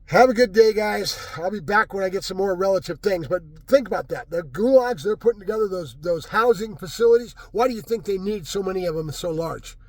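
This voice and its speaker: Agitated man ranting, husky high voice. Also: brisk, few pauses, no room sound. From California. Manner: agitated, repetitive, keeps asking "right?". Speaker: vlogger. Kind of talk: angry political rant to camera.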